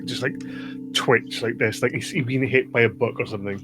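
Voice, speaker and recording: A man's voice: medium pitch, fairly even intonation, a little fast, fairly bright tone, faint music behind. A man playing a tabletop game, joking around and describing his character in a playful way. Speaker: player.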